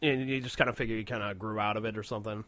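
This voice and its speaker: A man's voice: on the low side, steady tone, very fast, a bit bright, no echo. A man co-hosting a podcast in casual chat, loose and profane and laughing often. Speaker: podcast co-host.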